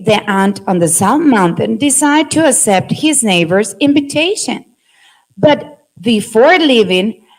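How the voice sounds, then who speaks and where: A woman with a Mexican accent reads a children's story aloud, her pitch rising and falling a great deal. She takes it slowly and puts feeling into the lines. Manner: expressive storybook reading. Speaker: teacher reading aloud.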